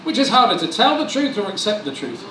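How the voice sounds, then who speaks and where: A man preaching a lively sermon in a church hall, joking and acting out conversations in different voices. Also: sits high, quick pace, noisy background. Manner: animated, joking, acts out dialogue. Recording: roomy hall sound, mic at a distance.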